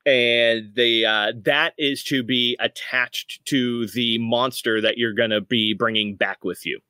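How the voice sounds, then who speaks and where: A man's voice: mid-range voice, steady tone, takes it slowly, sharp tone, clear, resonant tone, no echo. A man narrating as game master of a tabletop game, rambling with many fillers.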